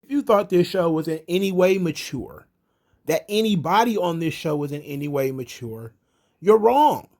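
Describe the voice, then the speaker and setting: Guy ranting casual and profane, bit high voiced, rambly and fed up. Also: expressive, normal speed, a little mellow. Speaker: wrestling commentary host.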